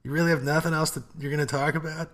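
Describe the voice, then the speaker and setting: A man's voice: on the high side, steady tone, racing, fairly bright tone. A man co-hosting a podcast and giving advice in casual chat, blunt and profane, with rambling asides. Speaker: podcast co-host.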